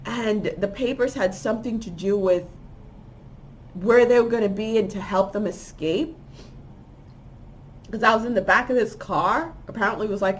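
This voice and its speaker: A woman tells a long story of a vision in a casual, rambling way. She grows animated and puts on the voices of the people in it. Her voice sits at an ordinary middle pitch. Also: slight background noise. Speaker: spiritual channel host.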